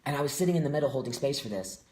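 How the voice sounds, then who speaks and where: A man speaking as a guest in a casual conversation, reflective and earnest, often pausing on fillers. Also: medium pitch, lively intonation, a little mellow, roomy sound, a little hiss or hum.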